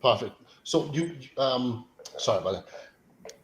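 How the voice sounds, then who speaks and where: A man's voice: medium pitch, animated, measured pace, a little hiss or hum, poor audio. A man hosting a podcast who asks chatty, loosely phrased questions in a casual interview. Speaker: podcast host.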